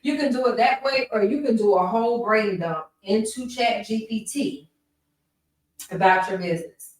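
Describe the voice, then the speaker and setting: A woman's voice: a little high, moderate pace. A chatty woman hosts a podcast and teaches in a loose, conversational way. She repeats herself and often asks her listeners "right?" Her voice sounds distant from the microphone in a very echoey room. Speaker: podcast host teaching business tips. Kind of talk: casual instructional talk.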